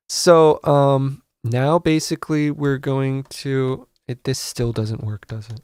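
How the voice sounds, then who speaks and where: Male host, gravelly voice, dry close mic, rambling mock-serious tutorial with frustrated swearing. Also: medium pitch, slow pace, a little mellow, no echo. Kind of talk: casual comedic screen-recorded tutorial.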